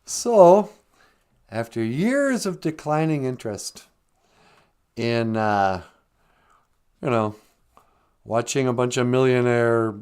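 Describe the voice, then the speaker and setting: A man's voice: medium pitch, animated, takes it slowly, pauses often, clean tone. A man chatting on his own live show, telling stories in a loose, rambling way. He jokes and laughs easily. His voice rises and falls widely as he talks. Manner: rambling, jokey, laughs often. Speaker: livestream show host. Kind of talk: casual storytelling chat.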